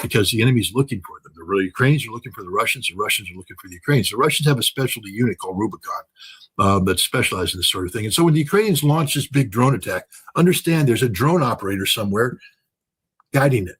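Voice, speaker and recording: A man's voice: lowish voice, lively intonation, fast, a bit bright, slightly rough, poor audio. An older man giving impassioned commentary, talking emphatically with many fillers, restarts and repetitions.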